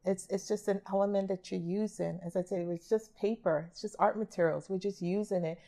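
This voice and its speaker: A woman's voice: medium pitch, steady tone, brisk, gravelly, mellow. A middle-aged woman, an art therapist, talking casually in a podcast interview and acting out quoted remarks. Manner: chatty, acts out quoted remarks.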